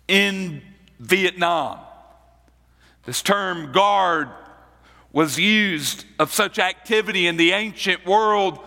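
Man, pastor, sermon, high clear voice, long church reverb. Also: sharp tone. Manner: slow, deliberate preaching with repeated phrases.

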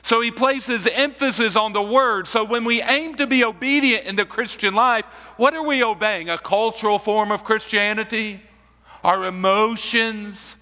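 A man preaching a sermon as pastor, slow and deliberate, repeating key phrases for emphasis. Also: sits high, pushed and bright, long reverb tail.

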